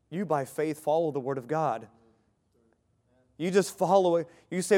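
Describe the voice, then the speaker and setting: Male pastor preaching, earnest and direct, slightly high voice, asks the congregation questions. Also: normal speed, darkish tone. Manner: earnest preaching with rhetorical questions and light laughs. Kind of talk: sermon.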